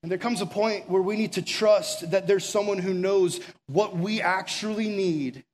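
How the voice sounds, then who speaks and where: High-voiced casual preacher man. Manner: casual storytelling, acts out quoted voices, drops to soft and slow near the end. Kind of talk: sermon.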